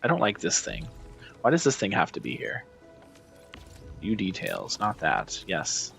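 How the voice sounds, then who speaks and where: A man talks through a game, self-deprecating and swearing under his breath. His voice sits low with a gravelly edge. Soft game music plays behind him. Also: wildly swooping pitch, unhurried. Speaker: gaming streamer. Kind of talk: casual gameplay commentary.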